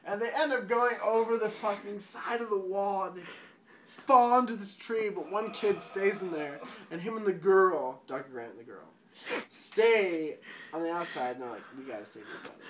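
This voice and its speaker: A drunk man rambling through a movie plot, swearing often, laughing and breaking into sudden loud outbursts. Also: high-pitched, moderate pace, slight background noise. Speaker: storyteller.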